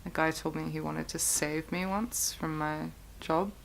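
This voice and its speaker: A woman's voice: sits low, fairly even intonation, unhurried, gravelly, slight background noise. A woman speaking plainly about her own experiences in an interview. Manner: plain, matter-of-fact. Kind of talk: personal testimony.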